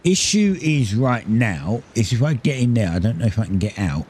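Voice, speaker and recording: A gaming streamer with a mid-range, darkish voice rambles casually at a moderate pace while playing a building game. He's very animated, talks through each building step, and keeps correcting himself, with slight background noise behind him.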